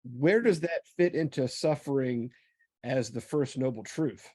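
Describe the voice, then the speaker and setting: Measured man moderating a webinar. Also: medium pitch, darkish tone, breathy edge, dry recording. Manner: measured, reads out audience questions. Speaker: webinar host and chaplain. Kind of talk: moderating a conversation. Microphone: video call.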